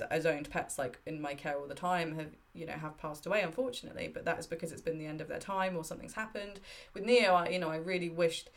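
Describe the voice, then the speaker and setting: Lower-pitched woman in her thirties, candid. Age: 30s. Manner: candid, heartfelt storytelling. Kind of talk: casual chat.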